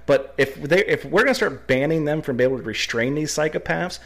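A man's voice: on the high side, animated, fairly quick, fairly bright tone. A man co-hosting a podcast who reads news items aloud, then trades sarcastic, blunt remarks with some swearing. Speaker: podcast co-host. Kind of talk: reading news aloud, then casual banter.

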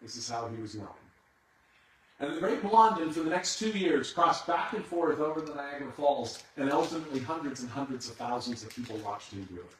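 A man's voice: mid-range voice, brisk, a bit bright, slight background noise. A man preaching a sermon as a dramatic storyteller who builds suspense. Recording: echoey hall, far from the mic.

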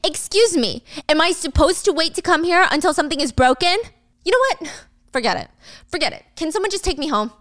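A woman's voice: very high-pitched, expressive, fairly quick, fairly bright tone, no echo, voice pushed up. A woman voicing a fed-up woman in her thirties who answers her boyfriend in a cool, cutting tone, recorded dry and close. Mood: indignant.

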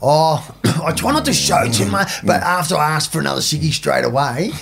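A middle-aged Australian man, a podcast guest, telling his story in casual, animated talk full of swearing and slang. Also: fairly high pitch, a little fast, vocal fry, a little hiss or hum.

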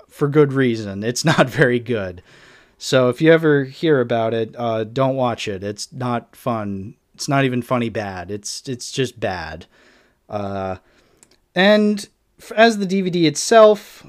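A young man hosting a casual solo podcast, reviewing a film in an exasperated, sarcastic ramble full of fillers. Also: medium pitch. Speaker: podcast host.

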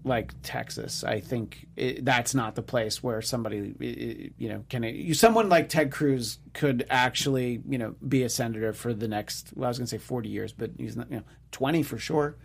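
A man's voice: medium pitch, moderate pace, gravelly, hardly any pauses, slightly rough. Male co-host, casual political talk, wry and sarcastic, lots of fillers and restarts.

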